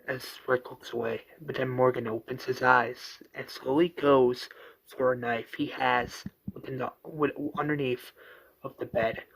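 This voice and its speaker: A man's voice: medium pitch, flat delivery, measured pace, creaky, a bit bright. A man casually retelling a story scene by scene, rambling with fillers and self-corrections. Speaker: narrator.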